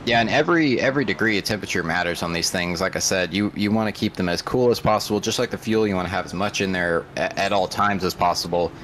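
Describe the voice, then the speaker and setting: A man giving relaxed, chatty color commentary on a sim race, often restarting his words. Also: low voice, quick pace, hardly any pauses, slight background noise.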